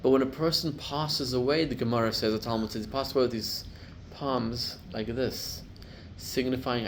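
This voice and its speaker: A middle-aged man, a rabbi, giving a class to a live group, telling stories and building to loud emphatic peaks. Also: mid-range voice, steady tone, moderate pace, few pauses, slight background noise.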